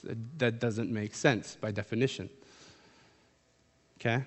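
A man's voice: medium pitch, fairly even intonation, measured pace, long pauses. A man preaching a sermon in a casual, conversational way, reading scripture aloud and then explaining it. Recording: long hall reverb.

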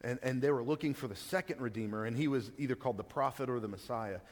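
A man's voice: medium pitch, fast, long reverb tail. A man giving a sermon as a pastor, talking in a conversational way with frequent stammered restarts.

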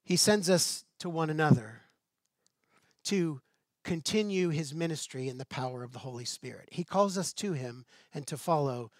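A man's voice: fairly high pitch, animated, moderate pace, no room sound, studio quality. A male pastor preaching a sermon in a conversational way, posing rhetorical questions and dropping light asides.

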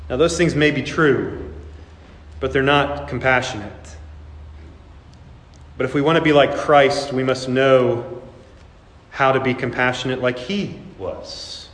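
A man's voice: mid-range voice, measured pace, pauses often, a bit bright, reverberant, long reverb tail. A male pastor preaching a sermon, acting out quoted voices with laughing asides.

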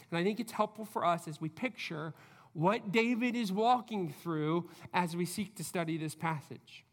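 A man's voice: on the high side, long reverb tail. A man preaching a sermon as pastor, earnest and conversational, often saying "I mean".

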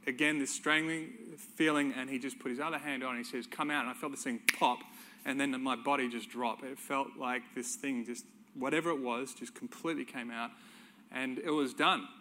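A man's voice: mid-range voice, fairly even intonation, normal speed, sharp tone, slight background noise. A middle-aged man, preaching a sermon by telling a personal story in a conversational way, chuckling now and then.

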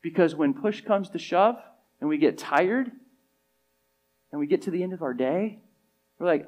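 A man preaching a sermon in a conversational way, acting out the disciples' voices and shifting between loud emphasis and quiet lines. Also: on the high side, lively intonation, normal speed, pauses often. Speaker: pastor.

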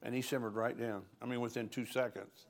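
A man's voice: medium pitch, fairly even intonation, brisk. Folksy older man preaching a sermon. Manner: folksy, anecdotal, chuckles between lines. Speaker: pastor. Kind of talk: conference sermon with storytelling.

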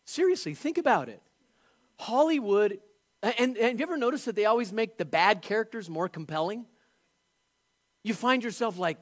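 A man with a fairly high voice delivers a sermon. He preaches in an animated, emphatic way and keeps putting questions to his listeners. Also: brisk. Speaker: pastor.

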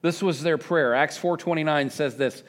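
A man preaching a sermon to a congregation, animated and joking, prompting the people to answer back. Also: a little high, moderate pace. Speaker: pastor. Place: church service with congregation.

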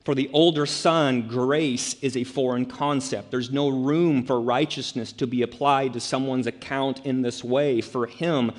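A male pastor preaching a sermon, emphatic and full of rhetorical questions. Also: medium pitch. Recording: echoey hall.

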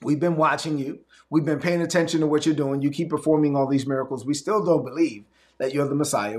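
Pastor doing snooty pharisees demanding a miracle, kinda higher voice. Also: male voice, lightly acted. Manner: mocking, demanding. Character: skeptical demanding male Pharisees. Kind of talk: sermon.

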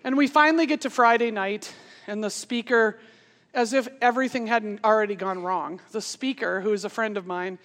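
Animated woman preaching in a reverberant hall. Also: mid-range voice, normal speed. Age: 40s. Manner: animated, laughing through a funny story. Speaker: speaker. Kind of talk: sermon storytelling.

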